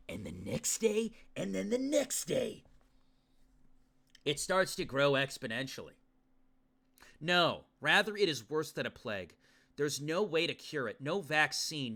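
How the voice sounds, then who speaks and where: A man voicing a cold male game villain who preaches about despair in slow, brooding speeches. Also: on the high side, gravelly, pushed and bright, heavily acted.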